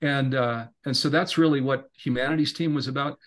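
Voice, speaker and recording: Brief: middle-aged male guest, mid-pitched, earnest and rambling, bursts of enthusiasm. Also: brisk. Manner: earnest, rambling, animated when inspired. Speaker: podcast guest, entrepreneur. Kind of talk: casual interview talk.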